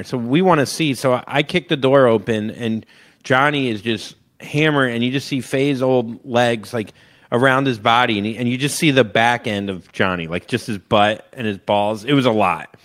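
A man co-hosting a podcast, telling a long story and acting out loud shouted quotes. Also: medium pitch. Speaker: podcast co-host. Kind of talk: casual chat.

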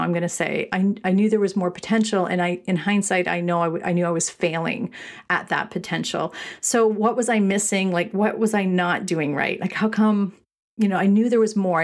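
A middle-aged woman from Canada hosting a casual solo podcast, talking in a rambling way with restarts and laughs. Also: mid-range voice. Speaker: podcast host and shop owner.

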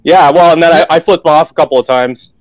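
A man's voice: a little high, brisk. A man from Canada, a guest telling a heated, profane story in casual chat.

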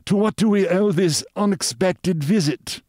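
Man putting on a smooth quiet mob boss, higher and silky. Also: measured pace, dry recording, clean studio sound. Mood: suave. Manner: soft, silky. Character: soft-spoken suave male crime boss.

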